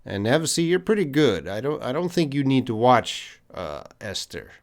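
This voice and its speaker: A man's voice: mid-range voice, very animated, moderate pace. A middle-aged man with a Canadian accent, an English teacher answering viewers' chat questions on a live stream, patient and thinking aloud with ums and hmms.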